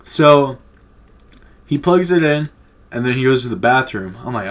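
A man's voice: medium pitch, expressive, measured pace. Laid-back young man telling a story. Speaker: vlogger. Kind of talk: casual story time.

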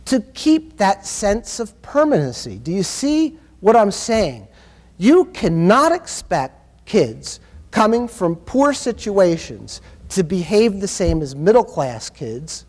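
A man giving a conference keynote, telling stories in an emphatic, impassioned way. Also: high-pitched. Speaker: keynote speaker. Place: university conference hall. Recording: long hall reverb.

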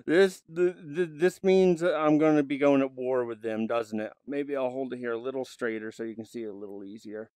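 A man casually commenting on his gameplay, chatty and animated, sometimes bursting into loud exclamations and coaxing animals and his dog. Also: mid-range voice, brisk, hardly any pauses, clear, resonant tone, dry recording. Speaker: gaming video host.

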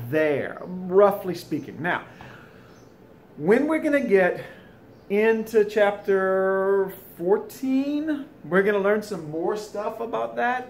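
A man's voice: high voice, slight background noise. Chatty sounding male teacher. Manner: chatty, folksy asides between explanations. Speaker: French teacher. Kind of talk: recorded video lesson. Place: home, during school closure.

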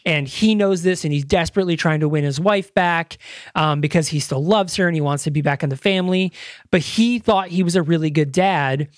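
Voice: mid-range voice, a little fast, no echo, studio quality. A podcast host in casual chat, rambling and enthusiastic, with frequent fillers, restarts and swearing.

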